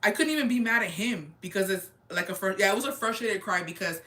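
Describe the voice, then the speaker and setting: A young woman casually and candidly retelling a family story, animated, with lots of "like" and quoted dialogue. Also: medium pitch, fast talker. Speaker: storyteller on a chat show. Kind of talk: casual chat.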